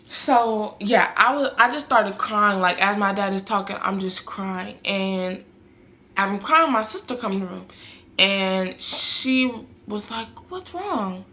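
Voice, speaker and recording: A young woman with a bright, sharp voice at a middle pitch tells a personal story to her viewers. She rambles, restarts and repeats phrases, calling her audience y'all in a loose, chatty storytime. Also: a little slow. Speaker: vlogger. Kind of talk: casual storytime.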